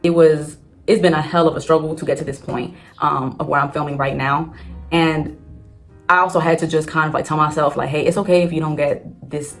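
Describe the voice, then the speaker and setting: Woman, deep voice, quick candid vlog talk, frequent swearing, run-on storytelling. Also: steady tone, fairly bright tone, soft background music. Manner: candid, swears freely, talks in rushing run-ons. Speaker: booktube vlogger. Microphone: phone on a tripod.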